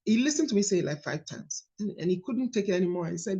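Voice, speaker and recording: A woman in her thirties with a Nigerian accent, leading a coaching call on a book study in a lively, emphatic teaching manner. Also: fairly low pitch, quick pace, hardly any pauses. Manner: animated, storytelling, emphatic. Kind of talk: casual teaching talk.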